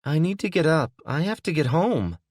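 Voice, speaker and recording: In an audiobook, a man voices a dazed, injured young woman with urgency. His voice is a little high and a little mellow, very animated, at a moderate pace, and it's pushed up in a clean studio recording with no room sound.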